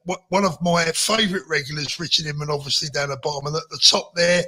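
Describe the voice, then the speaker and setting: A man's voice: high voice, pushed and bright, low-quality recording. A man hosting a casual livestream panel, chatty and full of fillers as he welcomes guests. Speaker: livestream host. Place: at home in Spain.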